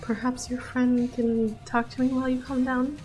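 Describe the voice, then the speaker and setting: A woman voicing a calm, gentle ghostly healer spirit in a comic read-along, speaking softly and formally with faint music behind. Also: fairly high pitch, moderate pace, pitched above the performer's own voice, close to an everyday voice, low-quality recording. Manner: soft, formal, reassuring. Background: faint background music.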